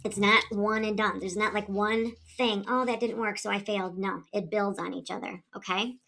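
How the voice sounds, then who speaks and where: A woman's voice: medium pitch, steady tone, moderate pace, vocal fry, fairly bright tone. A woman giving sales advice in an upbeat, coaxing way, often checking in with "okay?". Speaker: direct sales consultant. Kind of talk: advice video.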